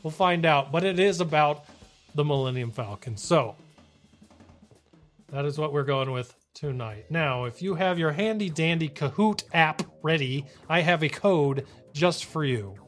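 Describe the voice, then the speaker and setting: A man's voice: a little high, measured pace, a bit bright, faint music behind. Chatty man co-hosting a gaming podcast. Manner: loose, rambling, laughs often. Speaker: podcast co-host. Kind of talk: casual podcast chat on a live stream.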